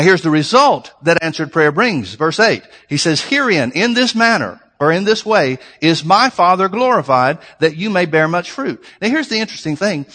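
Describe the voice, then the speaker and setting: A man's voice: a little high, fairly bright tone. A man preaching a sermon to his congregation, earnest and conversational, with emphatic repetition. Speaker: pastor. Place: church sanctuary. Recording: long reverb of a large hall.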